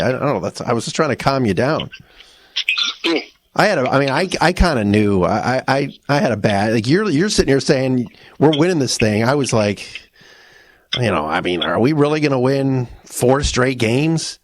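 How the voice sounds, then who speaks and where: A man's voice: mid-range voice, expressive, normal speed. A man co-hosting a casual chat who halts, repeats himself and retells past conversations. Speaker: podcast co-host.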